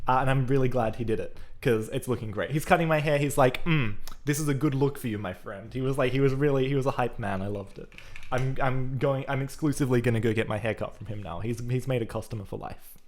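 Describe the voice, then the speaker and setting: A man's voice: medium pitch, fast, darkish tone. A man talking casually through his code on a live stream, thinking aloud as he types. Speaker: programming livestreamer. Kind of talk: live coding commentary.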